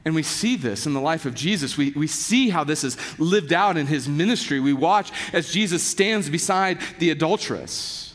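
A man preaching a sermon in a conversational, animated way, sometimes dropping his voice low for emphasis. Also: moderate pace, hardly any pauses. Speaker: pastor. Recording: echoey hall.

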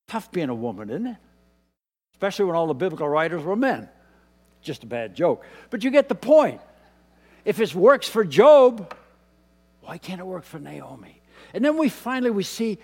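A man preaching a sermon as pastor, moving between quiet, dropped asides and loud, emphatic lines. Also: high-pitched. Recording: long hall reverb.

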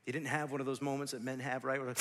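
A man in his forties preaching a sermon, swinging from loud shouts to near whispers, with joking asides to the congregation. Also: medium pitch, in a large hall. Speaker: pastor.

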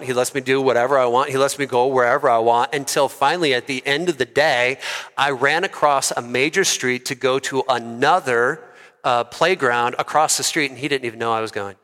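A man preaching a sermon as a pastor, conversational and lively, asking the congregation questions. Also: medium pitch. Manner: lively and conversational, asks the crowd. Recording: long hall reverb.

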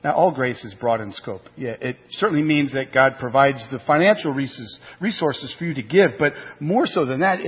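A male pastor preaching a sermon, animated, with rhetorical questions and acted-out asides. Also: medium pitch, moderate pace, hardly any pauses, slightly rough. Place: church sanctuary. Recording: muffled church hall recording with long reverb.

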